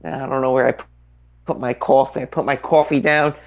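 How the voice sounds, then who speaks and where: A man's voice: mid-range voice, little pitch movement, brisk, gravelly, no echo, muffled recording. A man hosting a podcast, moving from casual chat into emphatic political commentary and repeating his points for effect. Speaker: podcast host.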